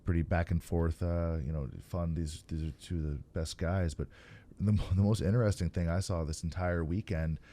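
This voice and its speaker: A man hosting a podcast, giving relaxed, opinionated takes in casual chat, with many fillers and stammered starts. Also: low voice, moderate pace. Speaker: podcast host.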